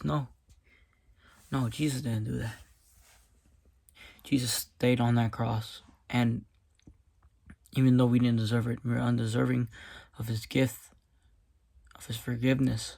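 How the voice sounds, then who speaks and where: A man's voice: medium pitch, flat delivery, a little slow, creaky, long pauses, a little mellow, husky. A man doing a casual devotional Bible reading, often breaking off to comment emphatically in a folksy way.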